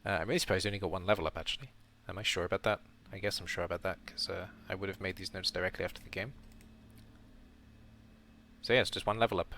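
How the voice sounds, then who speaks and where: Low, gravelly-voiced man rambling through a round-up. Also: fairly even intonation, quick pace, bright, forceful tone, a little hiss or hum. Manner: rambling, self-correcting, thinking aloud. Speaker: streamer and league commentator. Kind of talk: casual game round-up commentary.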